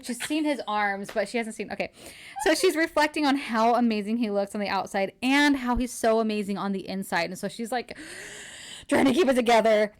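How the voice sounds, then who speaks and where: Young female podcast host, excited casual retelling, slightly high pitch. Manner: excited, gushing retelling with quick quoted dialogue. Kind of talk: casual book recap chat.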